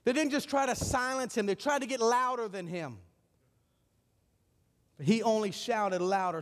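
Male pastor, high voice, impassioned sermon delivery, urgent then hushed, long hall echo. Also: very animated, a little slow, long pauses. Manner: impassioned preaching, rising and falling between urgent and hushed.

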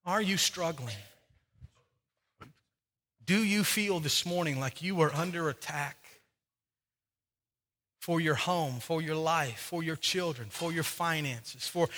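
High, bright-voiced preaching man. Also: a little slow, pauses often, long reverb tail. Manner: preaching with rising and falling intensity, repeating phrases. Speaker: pastor. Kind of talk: sermon. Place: church sanctuary.

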